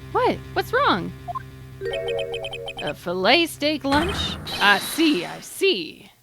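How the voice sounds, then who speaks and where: A woman streaming a video game live, reading the dialogue aloud with quick asides, over game music. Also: sits high, creaky. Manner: animated, reads lines aloud with quick asides.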